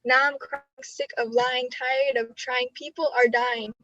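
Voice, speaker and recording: A woman's voice: high-pitched, little pitch movement, unhurried, sharp tone, no echo, highs cut off. A teenage student poet reciting her own spoken word poems over a video call, with earnest, emotional delivery. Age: teens. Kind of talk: spoken word poetry reading.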